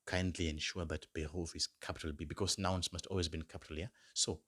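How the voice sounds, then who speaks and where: A man teaching beginner German phrases in English, slowly modelling each phrase and repeating words for learners. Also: low-pitched, fairly even intonation, a bit bright. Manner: slow, drawn-out modelling of example phrases. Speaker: German language tutor.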